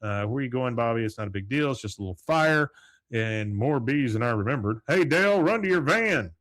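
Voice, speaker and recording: A man's voice: medium pitch, fairly quick, no room sound, lightly acted. A man voicing a stern, earnest middle-aged father who speaks to his son in a firm, matter-of-fact way.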